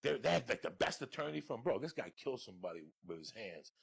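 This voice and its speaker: A man with a New York accent telling wild, profane stories as a podcast guest, breaking into booming laughs. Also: big pitch swings, quick pace, vocal fry, slightly rough. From Cuba. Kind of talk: storytelling on a podcast.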